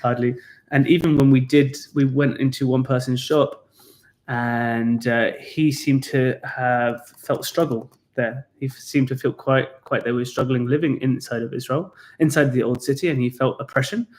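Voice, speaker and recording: A man's voice: mid-range voice, fairly even intonation, normal speed, darkish tone. A young British man, a tour guide, chatting on a live stream and explaining history in a rambling way with restarts. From England. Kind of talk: casual live stream chat.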